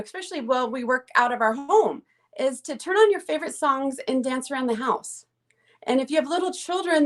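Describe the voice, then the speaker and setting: A woman author, a guest in a casual video chat, giving encouraging advice. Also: high voice.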